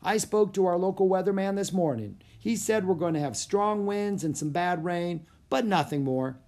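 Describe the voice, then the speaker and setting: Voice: mid-range voice, normal speed, darkish tone, voice pushed up, lightly acted. A reader voicing a jolly, kindly male policeman in a storybook reading, with a reassuring, fatherly manner.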